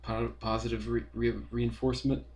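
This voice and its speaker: A man's voice: medium pitch, flat delivery, normal speed, a little mellow. A young man, talking in a rambling, profane, casual monologue full of fillers as a podcast host.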